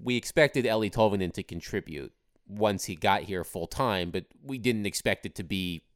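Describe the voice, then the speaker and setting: A young adult man co-hosting a sports podcast in casual chat, animated, with bursts of a mocking high put-on voice. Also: normal speed, no echo, clean studio sound. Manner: animated, mocks fans in a high whiny put-on voice.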